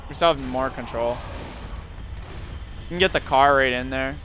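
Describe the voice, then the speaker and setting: A young man streaming a team game live, giving rapid callouts and countdowns to his teammates, slangy and swearing. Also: medium pitch, bright, forceful tone, slight background noise. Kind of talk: live gameplay commentary to teammates.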